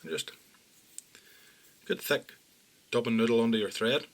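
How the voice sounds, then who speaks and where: A man calmly talking through fly-tying steps as an instructor, often dropping low and quiet. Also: unhurried, vocal fry. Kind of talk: step-by-step tutorial narration.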